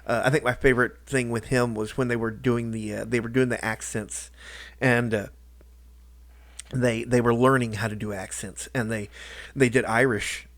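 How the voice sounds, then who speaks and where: Man, casual vlog talk, halting, repeats himself, dry close sound. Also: medium pitch, fairly even intonation, a bit bright, dry recording. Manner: halting, many restarts and fillers. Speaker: YouTuber. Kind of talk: rambling personal vlog talk.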